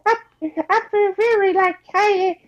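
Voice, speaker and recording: A man voicing Elmo, a giggly childlike puppet monster, in a squeaky falsetto. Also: little pitch movement, moderate pace, highs cut off.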